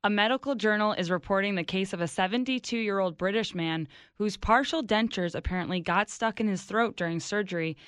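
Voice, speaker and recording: Smooth woman reading a news item. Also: medium pitch, fairly quick, few pauses, fairly bright tone, no room sound, studio quality. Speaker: co-host reading a news story.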